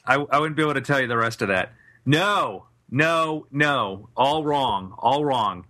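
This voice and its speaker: A man hosts a comedy podcast with a bright, forward tone. His voice swings widely as he jokes and introduces guests, playful and theatrical. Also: medium pitch, animated, measured pace. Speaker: podcast host. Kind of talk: casual comedic chat.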